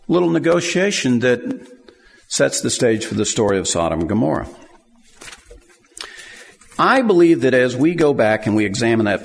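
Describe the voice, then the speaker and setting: A man's voice: medium pitch, gravelly, long reverb tail. A man preaching a sermon in a conversational way, acting out the scenes he describes.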